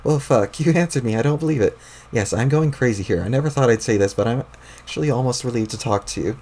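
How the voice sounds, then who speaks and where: A man's voice: medium pitch, fast, a little mellow, close to an everyday voice. A man reading a webcomic aloud, putting on the voice of a bossy, exasperated young girl who scolds and swears.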